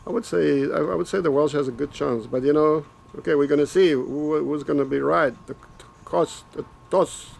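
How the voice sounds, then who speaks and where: A man's voice: on the high side, creaky, slight background noise. A man rambling and joking as he talks to his own camera in a casual vlog, repeating himself as he goes. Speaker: vlogger making predictions.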